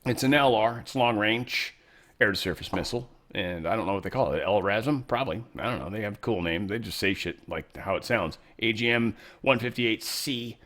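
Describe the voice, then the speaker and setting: A man's voice: on the low side, moderate pace, fairly bright tone. A man hosting casual political commentary, rambling and profane with sarcastic asides. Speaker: show host.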